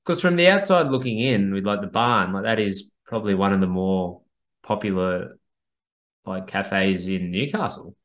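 A man's voice: fairly low pitch, normal speed, fairly bright tone. A young man in casual chat, laid-back and hedging, full of "like".

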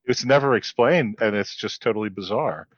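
A man co-hosting a podcast, giving measured, critical commentary in casual chat. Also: fairly low pitch, no echo, muffled recording. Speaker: podcast co-host.

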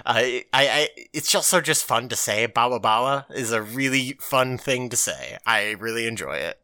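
A man co-hosting a podcast, recapping an episode in loose, animated casual chat and swearing freely. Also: medium pitch, normal speed. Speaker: podcast co-host.

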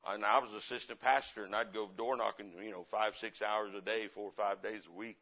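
Impassioned preacher man, bright, lo-fi. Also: lowish voice, fairly even intonation, fairly quick. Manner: impassioned, swings from loud to quiet, repeats phrases. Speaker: guest preacher, missionary. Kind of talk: sermon with personal stories. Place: church. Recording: dull lo-fi sermon recording.

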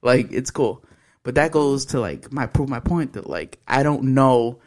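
A man's voice: mid-range voice, animated, measured pace. Young male podcast co-host with a mid-range voice, blunt and profane, casual storytelling. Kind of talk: casual chat.

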